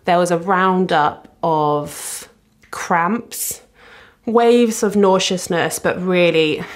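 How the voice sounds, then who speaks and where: A woman's voice: on the low side, vocal fry. A young woman chatting casually to camera from her living room, rambling and self-deprecating. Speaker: vlogger. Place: living room at the front of a house. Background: traffic outside.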